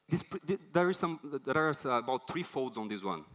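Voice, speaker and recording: Conference speaker: a man, animated, acts out voices in his anecdotes. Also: medium pitch, quick pace, few pauses. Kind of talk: conference talk.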